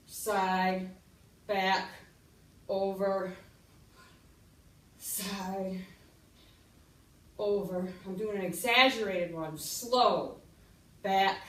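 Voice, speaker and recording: A middle-aged woman demonstrating an exercise, talking slowly, slightly out of breath as she moves. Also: mid-range voice, a bit bright, recorded from a distance. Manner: slow, instructive, counting out moves. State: getting winded. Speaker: fitness instructor. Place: room while exercising. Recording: echoey room, away from the mic.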